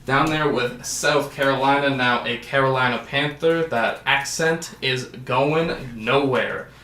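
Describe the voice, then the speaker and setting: A man's voice: mid-range voice, measured pace, sharp tone, roomy sound. A man hosting a sports card break, calling out each card and adding jokey asides. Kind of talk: casual card-opening commentary.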